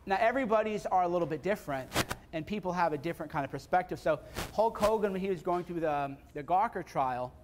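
A man's voice: high-pitched, expressive, fast talker, background noise. A man speaking casually and bluntly to a live seminar audience, repeating points for emphasis. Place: seminar room before an audience.

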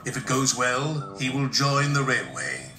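A man's voice: medium pitch, steady tone, a little slow, natural voice. A man voicing a dignified railway controller who speaks proudly and with authority, in a storybook reading. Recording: roomy room with background music.

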